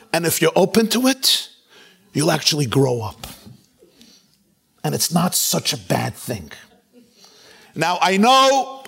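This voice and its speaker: A middle-aged man preaches as a rabbi, weaving stories into his sermon. He acts out each quote with wide swings of pitch. His voice sits somewhat high for a man. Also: vocal fry, fairly bright tone. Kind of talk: sermon with storytelling.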